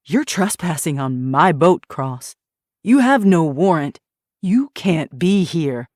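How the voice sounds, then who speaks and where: A woman's voice: sits low, expressive, takes it slowly, a little mellow, dry recording, clean studio sound. A woman narrator voicing a stern, commanding male undersheriff who gives firm, authoritative orders.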